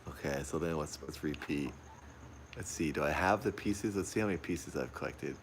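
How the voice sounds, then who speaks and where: A man with an extremely low, gravelly voice chatters through a horror game he is streaming from a dark room at home. He frightens easily and keeps repeating his exclamations. He is recorded on a phone, with a faint hiss underneath. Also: normal speed. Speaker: livestreamer playing a horror game. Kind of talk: live gameplay commentary. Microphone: phone pointed at the TV.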